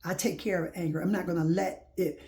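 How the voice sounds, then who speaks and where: A woman's voice: on the low side, fairly even intonation, fairly quick, warm tone. A woman preaching informally to her listeners, urging them on with repeated rhetorical questions and folksy phrasing. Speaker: faith-based motivational speaker.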